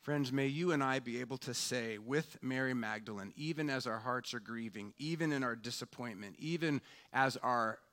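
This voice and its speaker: A man preaching a sermon as pastor, slow and reflective, often dropping to a hushed tone on questions. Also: mid-range voice.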